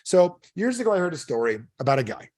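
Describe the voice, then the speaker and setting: A man with a somewhat high voice giving a live motivational seminar talk. He speaks emphatically and animatedly and keeps checking in with his listeners through questions. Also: quick pace, no room sound, clean studio sound. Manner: animated, keeps quizzing the audience; emphatic, storytelling.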